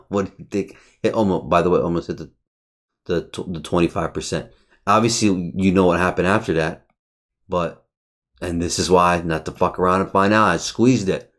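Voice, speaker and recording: A man's voice: sits low, moderate pace. A man reviewing his day's trades over a chart in casual, profane, brash talk. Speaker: trading educator.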